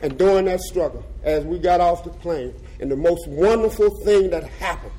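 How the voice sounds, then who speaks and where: An older man giving an impassioned rally speech in colloquial, folksy phrasing, moving between shouted slogans and quiet reflection. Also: high-pitched, moderate pace, few pauses, rough recording. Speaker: activist speaker.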